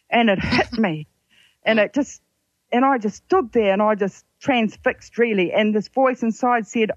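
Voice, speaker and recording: An older woman with a New Zealand accent, a psychic guest on a radio show, telling her life story in an earnest, halting, reflective way. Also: fairly high pitch, no room sound. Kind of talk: personal story on a radio interview. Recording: dull, lo-fi dry sound.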